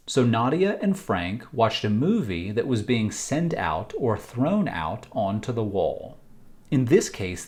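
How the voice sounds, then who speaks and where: An American man gives a vocabulary lesson outdoors, walking along a trail. He talks very slowly and deliberately, working through example sentences. His pitch rises and falls in a lively way. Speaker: English teacher.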